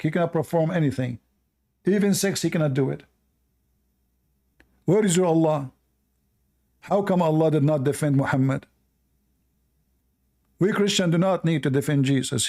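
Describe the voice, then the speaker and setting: A man's voice: on the high side, warm tone. A man hosting a live call-in debate, mocking and scornful toward the caller. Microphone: online call.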